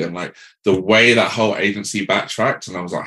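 A man with a very low voice hosts a casual podcast chat. He tells stories in an animated way, full of "um"s, and acts out what other people said. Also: a little fast. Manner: animated storytelling with acted-out quotes and many fillers. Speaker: podcast host.

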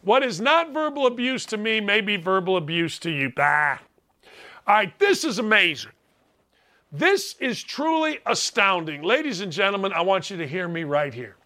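A middle-aged man riffing as a sports talk host with a high, bright, ringing voice. He talks in animated, sarcastic bursts, jumping from shouted disbelief to low mutters. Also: moderate pace. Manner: animated, sarcastic, swings between loud outbursts and asides. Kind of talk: opinionated sports radio talk.

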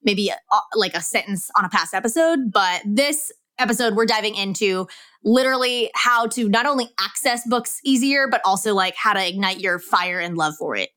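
A woman's voice: mid-range voice, moderate pace, pushed and bright. A woman co-hosting a podcast, bubbly and chatty, with plenty of "like" fillers in casual talk. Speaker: podcast co-host. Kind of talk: casual chat.

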